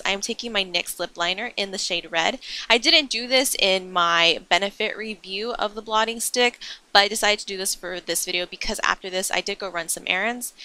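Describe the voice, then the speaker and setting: A young beauty vlogger narrates a makeup tutorial, explaining each step as she goes in a chatty, enthusiastic voice-over. Her voice is fairly low in pitch with a sharp tone.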